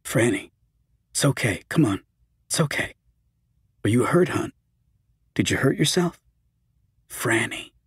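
A man voicing a frightened young man who softly comforts a woman in an audiobook. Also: medium pitch, very animated, unhurried, slightly rough, no room sound, clean studio sound, pitched above the performer's own voice, heavily acted. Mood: soothing. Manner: soft, anxious, soothing.

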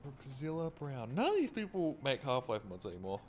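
A man of middle pitch commentates his game live on stream, joking and cursing, and yelping when something startles him. Loud in-game gunfire and clicks run under his voice the whole time. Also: wildly swooping pitch, fast talker, slight background noise. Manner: jokey, swears often, yelps when startled. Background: video game gunfire and clicks.

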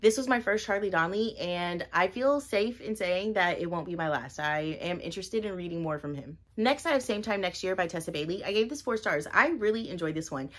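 A woman's voice: on the low side, animated, fairly quick, few pauses, fairly bright tone. Bubbly woman gushing over books. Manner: bubbly, gushing, emphatic repetition. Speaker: book reviewer. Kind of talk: casual reading wrap-up vlog.

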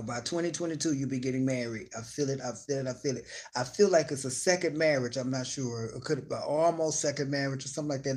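A man hosting a live stream, talking in a loose, profane, comedic rant to his viewers. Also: a little high. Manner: profane, animated, slides into put-on voices.

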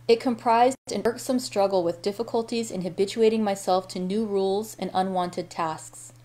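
A woman hosts a daily library read-aloud, working through a classic novel chapter by chapter. Her pace is steady and unhurried, with small self-corrections along the way, at an ordinary mid pitch.

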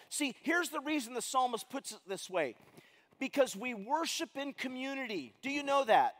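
A man preaching from the pulpit in a high, carrying voice. He leans on rhetorical questions and shifts between loud emphasis and quiet asides. The sound rings with the long reverb of a large sanctuary. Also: lively intonation, normal speed. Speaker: pastor. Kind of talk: sermon.

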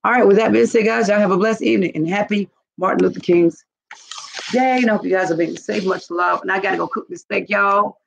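A woman's voice: mid-range voice, brisk, gravelly, husky. A woman hosting a casual live stream, rambling and gossiping with lots of profanity. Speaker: channel host. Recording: muffled lo-fi recording.

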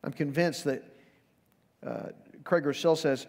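A man preaching in a church, his voice a little high for a man and trailing off into a long hall reverb. He is earnest, going soft and low when he quotes scripture, then climbing into urgent appeals. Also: brisk. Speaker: pastor. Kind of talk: sermon. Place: church sanctuary.

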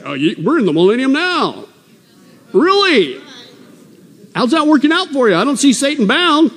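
Male preacher, high-pitched and animated, sermon in a reverberant church hall. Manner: animated, joking, swings loud and soft. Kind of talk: prophecy conference sermon.

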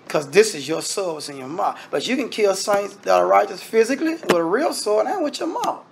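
Addressing the congregation directly as brethren, a minister preaches emphatically, repeating himself and posing rhetorical questions. His voice sits high, with vocal fry and a breathy edge.

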